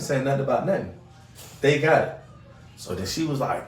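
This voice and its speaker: Male podcast host, an animated storyteller, recorded off-mic in an echoey room. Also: mid-range voice, normal speed, pauses often. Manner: animated storyteller, acts out quoted voices. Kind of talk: casual storytelling. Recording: roomy echo, mic at a distance.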